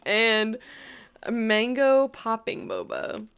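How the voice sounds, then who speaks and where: A woman's voice: on the high side, wildly swooping pitch, slow pace, gravelly, fairly bright tone, smooth. A young woman from New York vlogging casually, rambling with lots of "like" and frequent laughs. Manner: rambling, full of "like", laughs often. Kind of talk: casual storytime chat.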